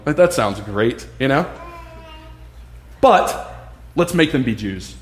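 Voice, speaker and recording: A man's voice: mid-range voice, slow pace, long pauses. A man giving a casual, conversational sermon, acting out the voices of the people in his story. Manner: animated, acts out voices of others. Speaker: pastor. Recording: echoey room.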